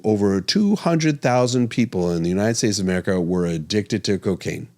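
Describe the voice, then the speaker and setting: A man talks on his podcast in a casual, animated way. His voice sits on the lower side, and he chuckles and stumbles into self-corrections as he thinks aloud. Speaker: podcast host and physician.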